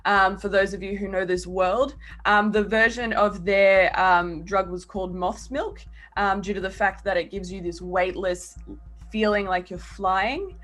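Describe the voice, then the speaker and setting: A woman player excitedly introducing her character, with frequent ums. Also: mid-range voice, measured pace, faint music behind.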